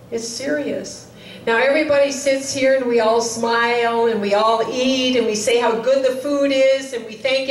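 Woman preacher, earnest sermon, repeats phrases, higher-pitched voice, mic set back from her. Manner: earnest, repeats key lines for emphasis. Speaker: chapel preacher. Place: chapel hall. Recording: roomy, distant mic, faint noise.

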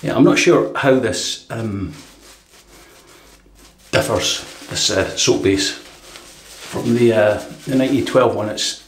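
A man's voice: fairly low pitch, slow pace. Chatty man shaving in an echoey bathroom. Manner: relaxed, chatty, says "right" often. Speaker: shaving vlogger. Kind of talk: casual shave demonstration. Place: home bathroom. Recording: echoey bathroom with faint water noise.

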